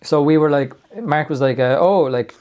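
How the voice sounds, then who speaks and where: A man's voice: on the high side, flat delivery, normal speed, darkish tone, smooth, muffled recording. A man in his thirties co-hosting a comedy podcast, rambling with lots of fillers and self-mocking jokes. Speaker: podcast co-host. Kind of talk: casual comedic banter.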